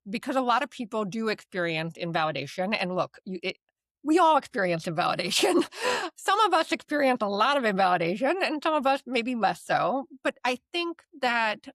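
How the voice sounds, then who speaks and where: A woman's voice: medium pitch, fairly bright tone, dry recording. A woman hosting a talk about therapy skills. She teaches in a casual, chatty way, keeps asking "right?", and laughs lightly as she talks. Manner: laughs lightly mid-sentence. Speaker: DBT course instructor and podcast host.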